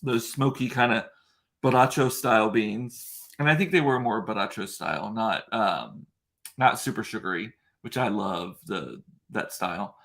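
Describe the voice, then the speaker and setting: A man's voice: fairly low pitch, unhurried, vocal fry, fairly bright tone. Chatty man rambling on. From South Texas. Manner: chatty and rambling, with many fillers and restarts; answers viewer comments as he talks. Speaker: vlogger. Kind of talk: casual live-stream chat.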